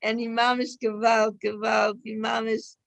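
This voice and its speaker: High-voiced woman teaching Torah. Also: little pitch movement, moderate pace, vocal fry, fairly bright tone, no room sound, poor audio. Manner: emotive, sprinkles Hebrew and Yiddish terms. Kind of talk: informal Torah class with personal stories.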